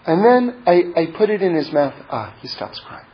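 A man giving a spoken religious teaching built around a personal story, halting and repeating words, growing more intense toward his point. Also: high voice, sing-song, husky. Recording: dull lo-fi recording.

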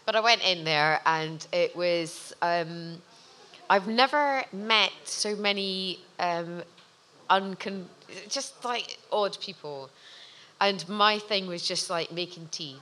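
Bright-voiced woman telling stories. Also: on the low side, takes it slowly. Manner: animated, acts out voices in anecdotes. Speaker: guest. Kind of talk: casual storytelling chat.

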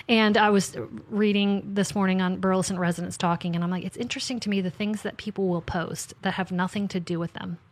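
A woman author and podcast host in casual faith conversation, chatty and animated, acting out her talks with God in little asides. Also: mid-range voice, moderate pace.

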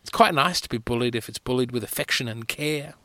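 Speaking fairly quickly in a mid-range voice that sounds pushed and bright, this Australian podcast host delivers a solo monologue on a close mic. His stories ramble along with a wry, self-mocking streak, captured in a dry recording.

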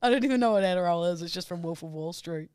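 A woman's voice: lowish voice, fast talker, darkish tone, smooth, dry recording. A woman co-hosting a comedy podcast, chatting casually, joking about herself and swearing freely. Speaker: podcast co-host. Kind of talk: casual banter.

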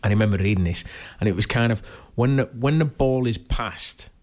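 A man's voice: mid-range voice, a little fast, a little mellow. A man, chatting as a guest and telling rambling stories, often asking "do you know what I mean". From Liverpool area. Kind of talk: casual chat.

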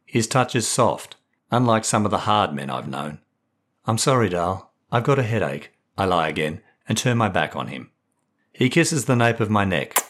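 A man's voice: on the low side, moderate pace. A man reading his own short stories aloud and explaining how he wrote them. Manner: expressive storyteller. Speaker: writer and narrator.

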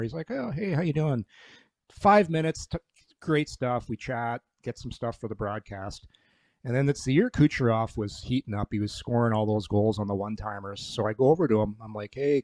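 A man's voice: on the low side, brisk, darkish tone, no room sound. Ex-player broadcaster, man, rambling anecdotes with restarts, dry close sound. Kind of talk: casual chat, storytelling.

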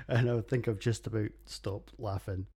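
A man's voice: lowish voice, mellow, breathy edge. A man in his forties hosting a solo beer podcast, rambling crudely and breaking into fits of giggling. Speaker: podcast host reviewing beers.

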